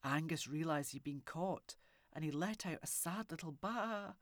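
A woman reading a children's story aloud with expressive, animated delivery and soft whispery asides. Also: low voice, a little slow, no echo, clean studio sound. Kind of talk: storybook narration.

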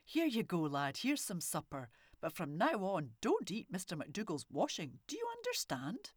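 A woman voicing an older crofter husband who calls out loudly and jokes in a storybook reading. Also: on the low side, wildly swooping pitch, moderate pace, slightly rough, no room sound, clean studio sound, heavily acted. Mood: jolly. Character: hearty old crofter husband, loud and jolly.

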